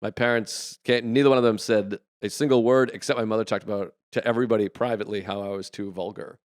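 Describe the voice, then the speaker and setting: A man's voice: on the low side, fairly even intonation, fast, no echo, studio quality. A man from Boston, a comedian guest talking bluntly and profanely with self-deprecating humor in casual podcast chat.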